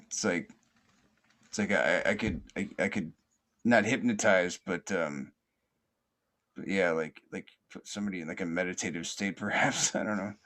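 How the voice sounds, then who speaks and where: A man hosting a podcast, reflecting in a slow, halting way with many fillers and restarts, in a soothing, almost sleepy cadence. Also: deep voice, a bit bright. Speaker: podcast host.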